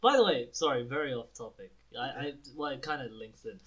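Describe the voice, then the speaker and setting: Animated young man chatting casually. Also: medium pitch, brisk, lo-fi sound. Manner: animated, laughing, swears, acts out quotes. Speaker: podcast co-host. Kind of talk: casual chat.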